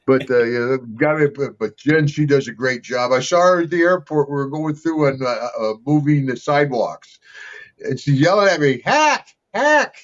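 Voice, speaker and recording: A man's voice: medium pitch, normal speed. An older man, an interview guest, telling casual rambling stories and laughing often between them. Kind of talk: casual storytelling. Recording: slightly dull lo-fi sound.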